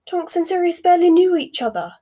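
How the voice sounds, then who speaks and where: A woman's voice: extremely high pitch, very animated, quick pace, warm tone, pitched above the performer's own voice. A woman voicing a sarcastic, offhand teenage boy wizard.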